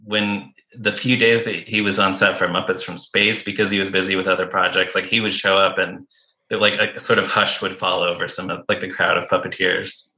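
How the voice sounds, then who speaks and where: A man's voice: sits low, little pitch movement, a little fast, bright, forceful tone, low-quality recording. A man co-hosting an interview, asking long, rambling questions in a casual tone. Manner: eager, asks rambling questions. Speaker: podcast co-host.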